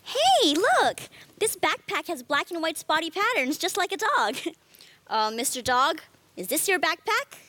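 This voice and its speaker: A woman's voice: extremely high pitch, very animated, sharp tone. Giggly singsong woman presenter. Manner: singsong, giggly, slow and exaggerated. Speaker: children's TV presenter. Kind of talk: playful children's TV role-play. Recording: music under voice.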